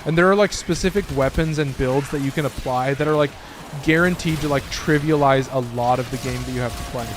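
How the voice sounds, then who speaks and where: A man's voice: medium pitch, fairly quick, background noise. A young man casually commenting while he plays a game, rambling and swearing freely, his voice cracking now and then. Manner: loose, rambling, swears often, lots of fillers. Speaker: gaming streamer.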